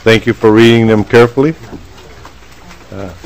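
A man chairing a legislative committee meeting in a formal, halting way, pausing often on fillers. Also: fairly low pitch, vocal fry, darkish tone, rough recording. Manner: halting, frequent filler pauses.

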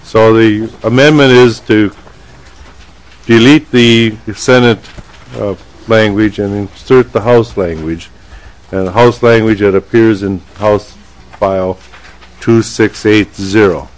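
A man chairing a legislative committee meeting in a formal, halting way, pausing often on fillers. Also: lowish voice, steady tone, poor audio. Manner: halting, frequent filler pauses.

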